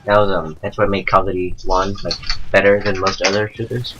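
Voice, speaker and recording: A man with a low voice talks casually about video games. He rambles and restarts his sentences, leaning on fillers. There is a faint noise under the recording. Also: little pitch movement, fairly quick. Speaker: co-commentator. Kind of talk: casual gaming chat.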